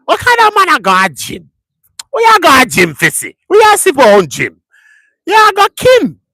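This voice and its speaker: A man putting on a shouting Jamaican man. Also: huge pitch swings, no echo, studio quality, exaggerated voice. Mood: loud, teasing. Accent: put-on Jamaican. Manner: high, shouting, drawn-out words. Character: loud joking Jamaican man.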